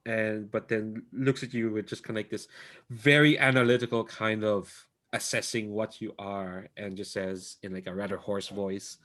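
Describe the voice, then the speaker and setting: A man's voice: fairly low pitch, flat delivery, normal speed, a bit bright. A man running a tabletop game as game master, rambling with many fillers and laughing often. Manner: rambling, full of ums and likes, laughs often. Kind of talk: casual tabletop game narration.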